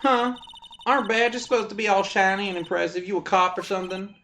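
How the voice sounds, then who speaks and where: A man voicing a brash, loud country woman photographer with a put-on Southern US drawl. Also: high voice, flat delivery, brisk, a little hiss or hum, voice pushed up. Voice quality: twangy drawl.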